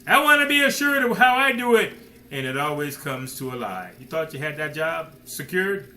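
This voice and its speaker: A man's voice: on the high side, sing-song, moderate pace, sharp tone, poor audio. A man preaching a sermon emphatically, firing rhetorical questions and addressing listeners directly as man and son.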